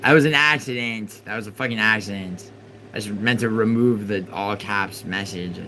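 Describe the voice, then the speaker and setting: A man hosting a live stream, arguing with his chat and swinging from exasperated outbursts to low muttering. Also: moderate pace, pushed and bright, a little hiss or hum. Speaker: livestream host.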